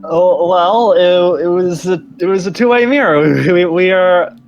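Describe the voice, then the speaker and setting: A man's voice: sits high, measured pace, lo-fi sound, soft background music. A man playing in a tabletop role-playing game, stammering and defensive in casual banter. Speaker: player.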